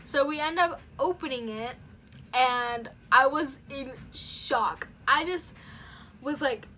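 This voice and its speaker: A teenage girl YouTuber telling a dramatic storytime in a casual vlog, animated and full of "like". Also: high voice, a little slow, a little hiss or hum. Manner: animated, dramatic retelling with lots of "like".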